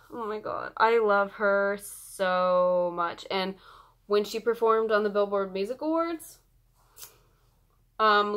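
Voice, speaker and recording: A young woman vlogging in a casual chat, gushing excitedly as a fan. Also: medium pitch.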